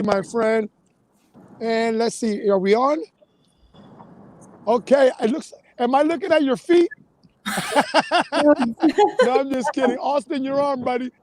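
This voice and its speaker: A man's voice: very high-pitched, slow pace, pauses often, rough recording. A man hosting a live online talk show, effusive and upbeat, leading his guests in chants. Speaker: host.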